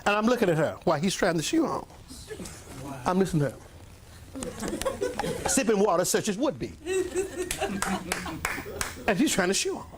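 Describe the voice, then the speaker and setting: An older man, a pastor telling a rambling, animated story in a sermon to his congregation, often clearing his throat and coughing. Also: high-pitched, a little slow, long pauses, noisy background. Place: church meeting room with a congregation.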